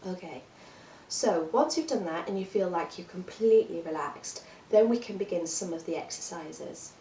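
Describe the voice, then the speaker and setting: A woman with a fairly low voice leads a singing workshop, calm and encouraging as she explains each exercise step by step. Her voice carries the echo of a hard room and sits a little back from the mic, with a faint hiss behind it. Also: normal speed, recorded from a distance. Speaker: singing teacher. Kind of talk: vocal workshop instruction.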